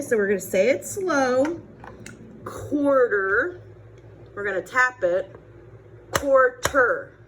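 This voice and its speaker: A woman teacher leading a phonics lesson on her phone, sounding out words slowly and patiently. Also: fairly high pitch, slight background noise, low-quality recording. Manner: slow, patient, encouraging sounding-out. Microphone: phone, set down and picked up.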